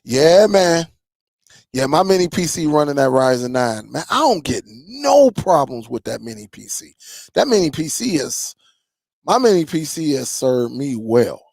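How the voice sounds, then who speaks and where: A man with a somewhat raised pitch and a gravelly, fry-laden edge talks straight to his viewers in a loose, rambling livestream chat. He laughs often and drifts from story to story. The sound is dry and close. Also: sing-song, unhurried, a little mellow, no echo. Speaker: streaming tech channel host.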